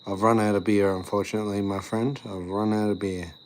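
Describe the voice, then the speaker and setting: A man's voice: lowish voice, level tone, brisk, a little hiss or hum. A tired young man, chatting casually on a live stream, rambling with lots of fillers as he reads and answers chat. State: tired after the gym.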